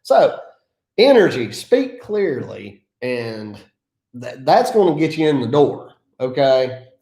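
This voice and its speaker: In a casual vlog recorded in an echoey room, a North Carolina mountain man who clears land for a living gives folksy business advice, poking fun at himself in an Appalachian accent. He speaks slowly in a dark, medium-pitched voice with big pitch swings.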